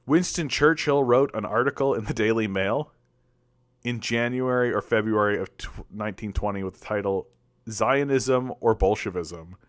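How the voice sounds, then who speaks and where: A man's voice: on the low side, moderate pace, dry recording, clean studio sound. A man hosting a political commentary stream, talking casually and answering chat, rambling with lots of restarts and fillers. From Canada.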